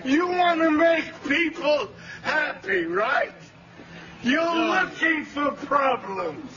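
An angry man shouts in a strained, very high voice, dragging out his words. He is caught from far away on a dull, muffled recording with loud street noise behind him. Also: animated, slow. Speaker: bystander confronting a reporter.

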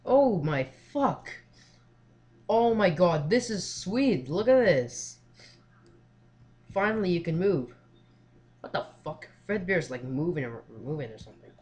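A man's voice: high-pitched, animated, measured pace, long pauses, darkish tone. A young man hosting his gaming channel, talking casually through a horror game while feeling ill. He rambles with fillers and swears often when startled. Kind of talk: casual let's play commentary.

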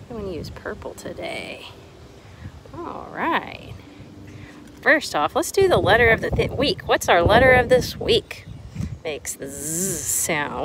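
A woman, teaching preschoolers a letter lesson outdoors in a sing-song, animated way. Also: medium pitch. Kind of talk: children's lesson to camera. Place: outdoors in a yard with a lawnmower nearby. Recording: outdoor noise, lawnmower behind.

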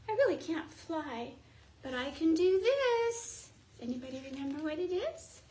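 A woman preschool teacher reading a story to young children in an animated, sing-song way, gently and slowly, recorded at home. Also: very high voice, low-quality recording.

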